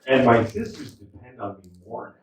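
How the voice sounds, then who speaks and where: A stand-up comic in his fifties spins stories, his pitch swinging widely as he acts out quotes. He sounds distant and boomy in a very echoey room, with clear noise underneath. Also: normal speed. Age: 50s. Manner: lively, storytelling delivery with acted quotes. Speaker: stand-up comedian. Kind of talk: stand-up set. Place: indoor comedy club. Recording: echoey club, distant mic, noisy.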